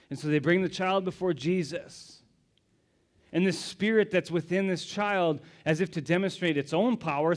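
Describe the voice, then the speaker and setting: A man preaching a sermon as a pastor, his voice sitting a little high. He tells the story dramatically, sinking into hushed whispers and then rising into loud exclamations.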